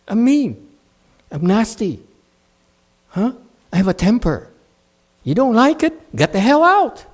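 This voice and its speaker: A man teaching meditation, blunt and scolding, who mocks his students' excuses and swings between loud outbursts and quiet muttering. English is not his first language. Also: high-pitched, big pitch swings, slow. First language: Chinese. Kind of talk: dharma talk answering students.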